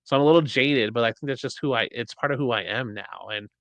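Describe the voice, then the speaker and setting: A man in his thirties co-hosting a podcast, chatting casually and acting out quoted lines in an animated way. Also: fast, vocal fry, no room sound. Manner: animated storyteller, acts out quotes in high voices. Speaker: podcast co-host. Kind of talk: casual chat.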